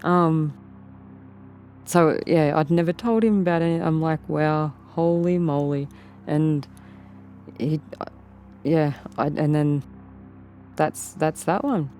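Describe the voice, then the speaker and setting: A woman's voice: low-pitched, fairly even intonation, slow, long pauses, mellow, faint music behind. A woman with an Australian accent, telling an interviewer a story in a rambling way and often repeating and rephrasing herself. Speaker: interview guest. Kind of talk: casual storytelling.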